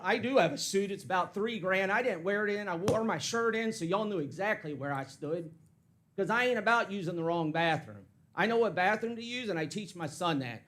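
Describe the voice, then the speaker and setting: A man's voice: high voice, animated, brisk, fairly bright tone. A man giving a heated, blunt public comment at a county meeting. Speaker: citizen speaking at public comment. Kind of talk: angry public comment speech.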